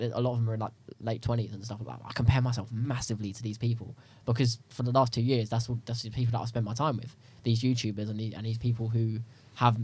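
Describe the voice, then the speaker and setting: Fast-talking young man, rambling. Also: medium pitch. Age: young adult. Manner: fast, rambling, animated storytelling. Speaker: podcast guest. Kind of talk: casual chat.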